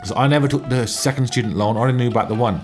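A man hosting a comic radio show, telling slangy, animated stories. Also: medium pitch, rapid-fire. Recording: music playing underneath.

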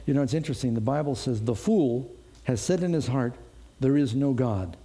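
Husky, mellow-voiced male preacher. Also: mid-range voice, lively intonation, brisk. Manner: conversational, asks the listeners rhetorical questions. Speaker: pastor. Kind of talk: expository sermon.

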